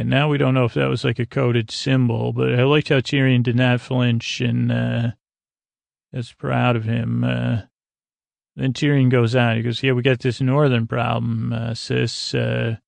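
A podcast host, a man, walks through a TV episode scene by scene in a rambling, offhand way, stopping often on fillers. His voice is deeply gravelly and rough with fry, and his pitch stays fairly flat. The sound is close and dry, with no room around it. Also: a little slow, no echo. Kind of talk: casual scene-by-scene recap narration.

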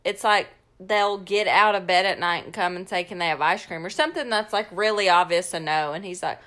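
A woman in her thirties co-hosting a casual podcast, expressive and quick to laugh, venting with playful mock outrage. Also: lowish voice. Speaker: podcast co-host. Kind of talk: casual chat.

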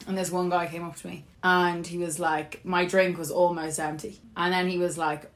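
A young woman co-hosting a podcast, telling bubbly, quick stories in casual chat. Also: on the low side, flat delivery. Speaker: podcast co-host.

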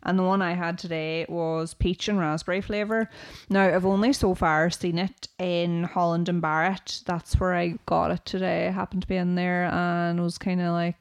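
Low-pitched woman in casual chat. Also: level tone, normal speed, hardly any pauses. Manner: chatty, laughs often, spells words out. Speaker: podcast co-host.

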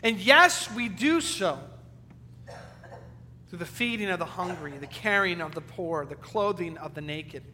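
A male pastor preaching a sermon with earnest emphasis, sometimes loud and sometimes dropping to a hushed, low delivery. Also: lively intonation, a little slow. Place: church sanctuary. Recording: church hall reverb with faint hum.

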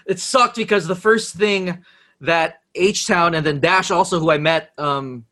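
High-voiced man telling stories. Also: unhurried. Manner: animated storyteller, laughs often, mimics voices. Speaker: radio DJ and podcast guest. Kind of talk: casual chat.

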